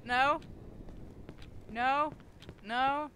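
A woman with a sore throat doing let's play commentary on a horror game, jumpy and swearing, switching between hushed muttering and loud outbursts. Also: fairly high pitch, lively intonation, slow, long pauses, background noise. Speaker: gamer playing a horror game.

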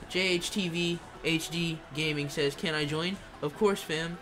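A young man livestreaming a kart racing game, reading chat and shouting during play. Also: on the high side, normal speed, hardly any pauses, faint music behind. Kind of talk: live gameplay streaming.

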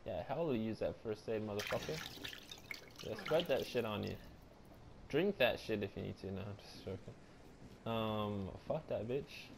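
Jumpy, profane male gamer doing let's play commentary; very animated, noisy recording. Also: on the low side, moderate pace, gravelly, long pauses. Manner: jumpy, profane, loud frightened outbursts.

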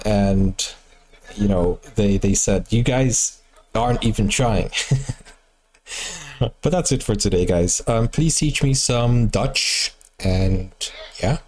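Chatty low-voiced man reacting to videos. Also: a little mellow. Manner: chatty, laughs at himself, trips over words. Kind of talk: casual chat.

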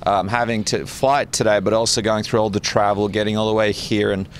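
A man interviewing a fighter, asking gently and sympathetically. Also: fairly low pitch, flat delivery, a little fast, a little hiss or hum.

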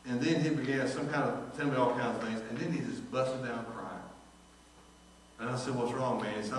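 A man's voice: mid-range voice, normal speed, a little hiss or hum. A man, preaching a sermon as pastor and telling a story in which he acts out the dialogue. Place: church sanctuary. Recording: echoey church hall from far off.

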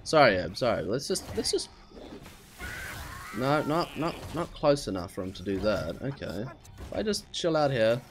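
An excitable man commentates a video game, talking half to himself and half to his viewers. His pitch swoops widely, jumping into high squeals at surprises and dropping low when he is fed up. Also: moderate pace, soft background music. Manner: talks to himself and the viewers, frustrated and puzzled. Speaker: gaming channel host. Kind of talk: let's play commentary.

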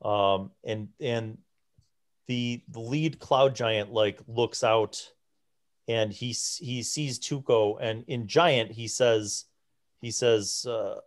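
Casting: slow-talking male dungeon master, relaxed narration. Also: mid-range voice. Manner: slow, filler-heavy narration. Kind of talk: narrating a tabletop game.

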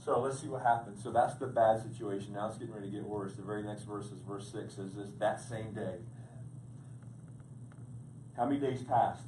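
Pastor preaching in an echoey church. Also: male voice, fairly low pitch, fairly even intonation, a little fast, noisy background. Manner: repeats words when building to a point, rising to loud preaching. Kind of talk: sermon. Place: church sanctuary. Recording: echoey room picked up from a distance.

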